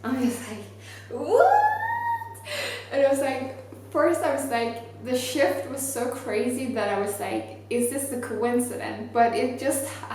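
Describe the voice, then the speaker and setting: A young woman who is not a native English speaker, telling a story to camera in an earnest, animated way with lots of "like". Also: fairly high pitch. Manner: earnest, animated, many fillers like "like". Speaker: vlogger. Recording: very echoey space with faint ambient noise.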